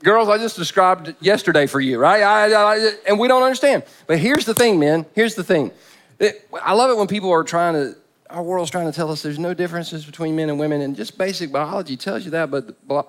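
A male pastor delivering a sermon with humor and emphasis. He repeats phrases to drive points home, and his voice sits a little higher than most men's. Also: moderate pace.

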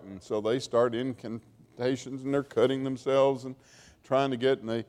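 A man's voice: mid-range voice, moderate pace. A man teaching a Bible class, telling the story in a chatty, wry way with asides. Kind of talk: informal lecture storytelling. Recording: long hall reverb.

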